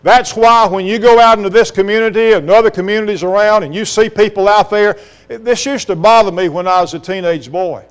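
This middle-aged pastor from South Carolina talks a little fast in a passionate sermon, throwing out one rhetorical question after another. His voice sits high, clean-toned and resonant, while a steady mains hum runs underneath.

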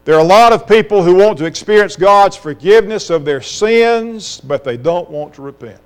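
A middle-aged pastor delivers an impassioned sermon, firing off rhetorical questions. His voice sits high and comes through clean and resonant. A steady mains hum runs underneath the recording. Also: moderate pace, smooth. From South Carolina.

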